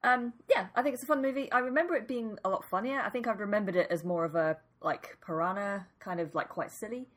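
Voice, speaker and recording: A woman co-hosting a podcast, reading a film synopsis and chatting in a relaxed way with many "um"s. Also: medium pitch, fast talker, few pauses. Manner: relaxed, hedging with "um" and "uh". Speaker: podcast co-host. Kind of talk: casual chat and read synopsis.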